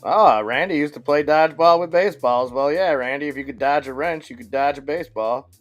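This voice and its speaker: A man's voice: fairly high pitch, fairly quick, faint music behind. A man co-hosting a live stock market stream, chatting casually, reading viewer comments and often restarting his sentences. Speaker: stock market livestream co-host.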